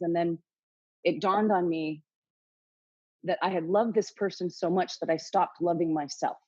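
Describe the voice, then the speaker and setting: Candid husky-voiced woman in her late 40s. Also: on the low side, darkish tone, dry recording, dull audio. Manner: frank, swears freely, acts out her own inner dialogue. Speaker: podcast guest. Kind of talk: candid interview storytelling.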